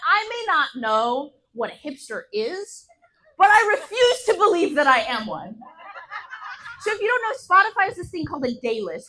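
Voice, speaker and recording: A young woman in her teens performing a stand-up set on a bar stage, telling deadpan stories that jump to loud punchlines. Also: sits high, low-quality recording. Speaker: stand-up comedian.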